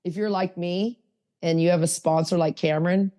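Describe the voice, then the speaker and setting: A woman hosting a podcast, teaching a hands-on workshop in a casual way, blunt and self-mocking, swinging from low asides to high emphatic bursts. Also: fairly even intonation, moderate pace, warm tone. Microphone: podcast mic.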